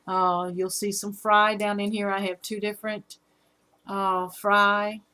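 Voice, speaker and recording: A middle-aged woman with a Southern accent, hosting a casual live stream about her fish, halting often with fillers. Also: medium pitch, level tone, pushed and bright, smooth. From Alabama. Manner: rambling, halting with fillers, reads out chat comments.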